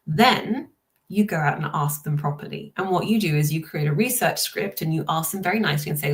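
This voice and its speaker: A woman explaining things as a guest consultant in a casual interview chat, articulate, with quick asides. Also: low voice.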